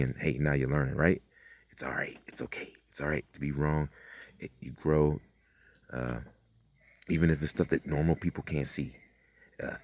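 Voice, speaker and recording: A man with an extremely low, deep voice wanders through a loose spiritual monologue, swearing freely and leaning on fillers. He acts out bits of dialogue as he goes. The sound is dry and close, with no room echo. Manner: meandering, profane, with many fillers and acted-out quotes. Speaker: channel host.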